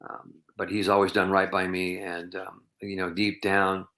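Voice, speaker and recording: Brief: male podcast guest, deep bright-edged voice, rambling earnest storyteller. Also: little pitch movement, moderate pace. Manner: rambling anecdotal, heavy with "you know" and "um". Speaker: podcast guest, professional bowler.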